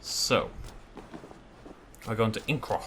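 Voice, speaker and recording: Lively man narrating his gameplay. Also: on the low side, slow pace, a little hiss or hum. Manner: chatty, joking, thinking aloud. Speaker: gaming YouTuber. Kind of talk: let's play commentary.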